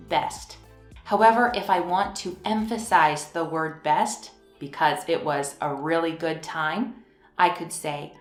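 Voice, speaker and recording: A woman gives a scripted pronunciation lesson, pronouncing each word slowly and clearly. Her voice sits a little low. The recording is roomy and echoey, with faint music playing underneath. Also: animated. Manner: slow, clear, carefully enunciated. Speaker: English teacher.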